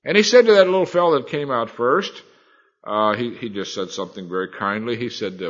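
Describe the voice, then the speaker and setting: A man preaching a sermon, earnest and emphatic, swinging between loud and soft. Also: on the low side, big pitch swings, fairly quick, lo-fi sound.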